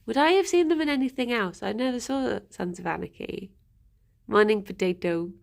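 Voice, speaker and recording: Girl chatting away on a stream, bit of vocal fry, rambly. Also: on the high side, moderate pace. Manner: chatty and rambling, greets chat, laughs often; talks softly to her rabbits, sometimes whispering. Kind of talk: casual live-stream chat.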